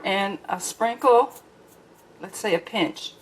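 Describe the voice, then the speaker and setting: A woman's voice: medium pitch, takes it slowly, background noise. A woman chatting casually in her home kitchen as she mixes and tastes her baking for a cooking vlog. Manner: relaxed, chatty, talks while tasting food. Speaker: vlogger.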